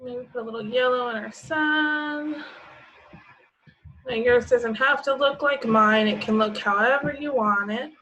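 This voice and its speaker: A young woman leads a preschool lesson in a bright, slightly high voice. She speaks very slowly and patiently, putting simple questions to the children and encouraging them as she answers. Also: low-quality recording. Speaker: preschool teacher.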